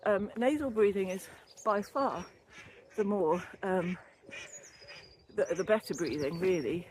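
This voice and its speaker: A woman's voice: medium pitch, unhurried, a little mellow, a little hiss or hum. Breathless older woman chatting while walking. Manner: rambling, chatty, laughs easily. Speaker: wellbeing vlogger and former yoga teacher trainee. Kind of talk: casual walking vlog talk. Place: outdoors walking along a canal. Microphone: built-in camera or phone mic, no separate microphone.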